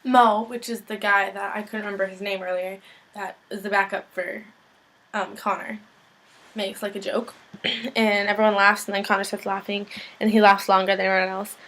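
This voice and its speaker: A woman's voice: medium pitch, little pitch movement, moderate pace, fairly bright tone, a little hiss or hum, poor audio. A young woman recapping a TV episode in a loose, rambling vlog, full of fillers and casual swearing. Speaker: show recapper.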